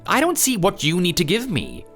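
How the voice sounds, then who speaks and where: Male voice for a flustered, pleading husband, mid pitch with lively swings over faint music. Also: full character voice. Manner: hurried, pleading. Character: flustered husband caught cheating, evasive. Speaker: son, husband.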